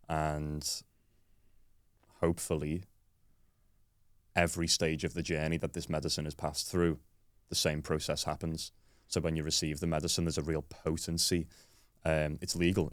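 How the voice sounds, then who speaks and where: Calm deep-voiced therapist. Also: male voice, no room sound, studio quality. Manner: slow, gentle, reflective, with soft affirming hums. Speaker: therapist and men's coach. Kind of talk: calm reflective conversation.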